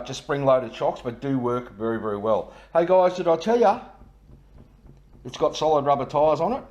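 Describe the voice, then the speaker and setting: A man's voice: medium pitch, echoey room. Chatty Australian man reviewing a scooter. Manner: chatty, jokey, swears casually, repeats a running gag. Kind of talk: casual product review. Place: home dining room.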